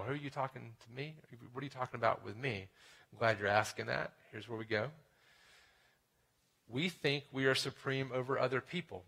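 A man preaching a sermon in a conversational way, often asking "right?" and dropping to a hushed tone for serious points. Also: medium pitch. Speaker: pastor.

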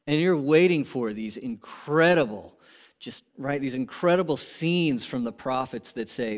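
A man preaching a sermon with passion, moving from loud emphatic peaks to quiet low asides. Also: expressive, a little slow. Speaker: pastor.

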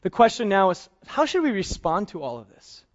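A middle-aged male pastor with a high voice gives a casual, story-driven sermon, swinging between animated retellings of conversations and quieter, earnest moments. The recording sounds a little muffled. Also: a little fast. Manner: animated storytelling, acts out both sides of dialogues, self-deprecating humor. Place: church service.

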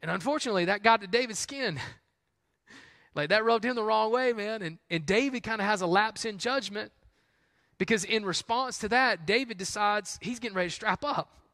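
A man's voice: high voice, moderate pace, pushed and bright, dry recording. A man preaching a sermon in a casual, conversational way, peppered with "like" and "man". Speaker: pastor.

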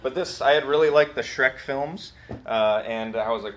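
A man's voice: lowish voice, fairly even intonation, moderate pace, fairly bright tone, echoey room, slight background noise. A man preaching a sermon in a casual, storytelling and self-deprecating way. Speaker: pastor. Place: church building.

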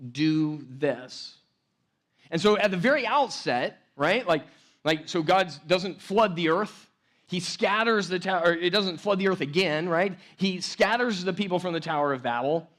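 A man delivering a sermon in a fairly high voice. He talks in a loose, conversational way, restarting phrases and checking in with his listeners. His energy rises as he walks through the passage. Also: moderate pace, a bit bright. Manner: conversational, rambling with restarts and "like, right?". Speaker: pastor.

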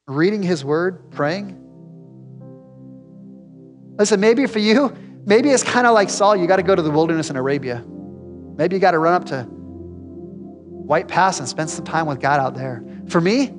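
A man's voice: sits high, animated, unhurried, long pauses, long reverb tail, faint music behind. A man preaching a sermon as pastor, talking to the congregation in a direct, conversational and emphatic way. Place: church sanctuary.

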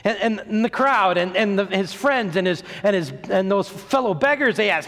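A man preaching a sermon, retelling a story in an animated way, acting out the voices, sometimes stumbling and repeating words. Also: high-pitched, a little fast, few pauses. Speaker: pastor. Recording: long hall reverb.

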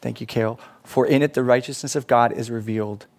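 A man's voice: mid-range voice, fairly even intonation, fast talker, gravelly. A middle-aged man preaching a sermon in church, earnest and pleading, with casual asides to the congregation. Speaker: pastor.

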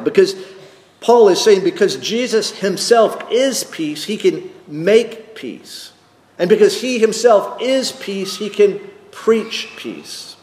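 Slow-preaching man in an echoey hall. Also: high-pitched, a little mellow. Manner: slow, emphatic preaching with repeated phrases. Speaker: pastor. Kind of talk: sermon. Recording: echoey hall with long reverb.

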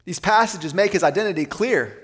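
A male pastor preaches a sermon in a high voice, and the sound rings in a long, reverberant hall. He asks his listeners rhetorical questions and slows down to read scripture aloud.

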